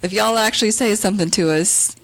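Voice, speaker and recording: A woman's voice: mid-range voice, brisk. A woman co-hosting a casual podcast, blunt and sarcastic, swearing freely. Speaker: podcast co-host. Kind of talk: casual chat.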